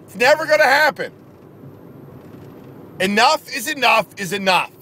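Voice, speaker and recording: A man's voice: very high-pitched, lively intonation, unhurried, sharp tone, slight background noise. A man angrily ranting as a vlogger in sports commentary, emphatic and repetitive, recorded outdoors. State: angry. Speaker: video blogger.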